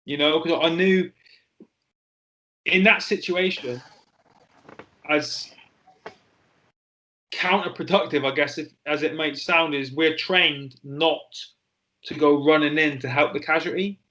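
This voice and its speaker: Forties male interview guest, candid storyteller, slightly high and bright voice. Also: fairly even intonation, rough recording. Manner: candid, halting, with frequent fillers and swearing. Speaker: interview guest, former soldier.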